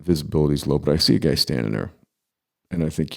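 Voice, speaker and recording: A man in his forties telling a personal story casually, halting and restarting as he goes. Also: a bass voice, expressive, creaky. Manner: halting, with many pauses and restarts.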